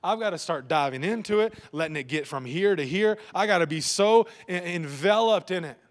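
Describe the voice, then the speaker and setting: A man preaching a sermon as pastor, emphatic and repetitive, swinging between loud urging and hushed, low lines. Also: expressive, brisk, big-room sound. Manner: emphatic, repetitive preaching with sudden drops to a hush.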